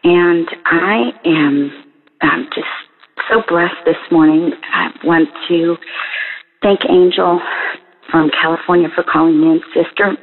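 Caller: low-voiced woman, emotional, phone line with long reverb. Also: takes it slowly, slightly rough. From Central Florida. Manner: tearful, emotional. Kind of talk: phoned-in prayer message.

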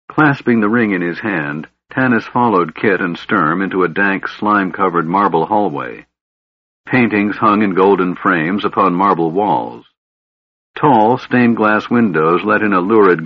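Brief: male audiobook narrator, low husky voice, somber and measured, muffled lo-fi sound. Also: dry recording. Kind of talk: scripted narration. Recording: dull lo-fi audiobook recording.

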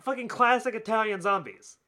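A man co-hosting a casual movie podcast, telling the story with animated laughter. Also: sits high, a little fast. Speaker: podcast co-host.

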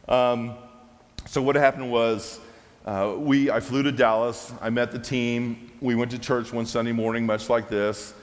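A man shares a testimony from the pulpit, telling it as a lively story and laughing at his own moments. His voice sits a little low. Long reverb from a large hall trails every phrase. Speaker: preacher sharing a testimony.

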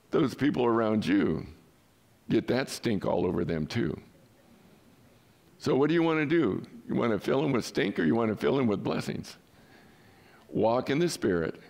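A male pastor preaching a sermon in an emphatic way, with rhetorical questions and pauses. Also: medium pitch, vocal fry, a little mellow.

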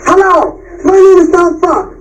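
A man's voice: extremely high pitch, normal speed, far from the mic, low-quality recording. A man playing a boastful seminar guru who insults the crowd in broken English, heard from a stage recording. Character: brash boastful male real-estate seminar guru. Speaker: stand-up comedian.

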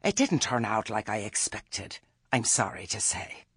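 A man's voice: lowish voice, sing-song, unhurried, a bit bright, husky, no room sound, clean studio sound, full character voice. A man voicing a stern elderly witch who is acting oddly sweet, with prim, earnest, clipped rural speech.

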